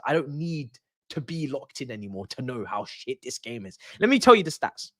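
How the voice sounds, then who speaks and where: A young man is hosting a live football watchalong. He rants in exasperation to his viewers, his pitch jumping high and dropping low. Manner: exasperated, animated ranting with laughs. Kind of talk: casual live-stream rant.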